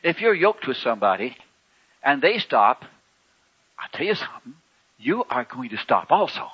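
A man preaching a sermon in a folksy, conversational way, with wry humor and sharp swings between loud and soft. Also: mid-range voice, big pitch swings, normal speed, slightly rough, dull audio.

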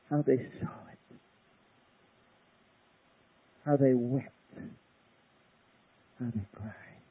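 A man preaching an impassioned sermon, swinging from hushed pleading to loud cries. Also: mid-range voice, breathy edge. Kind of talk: sermon on tape. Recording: tinny lo-fi cassette tape.

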